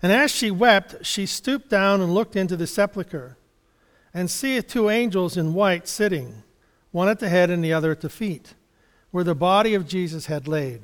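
High-voiced man preaching in a hall. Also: clear, resonant tone. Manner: conversational, halting, chuckles, restarts. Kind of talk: sermon Bible study.

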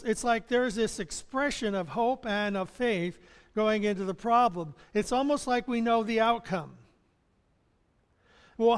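Male pastor, conversational sermon delivery, higher voice, recorded in a reverberant hall. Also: clear, resonant tone. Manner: conversational preaching with chuckles and restarts.

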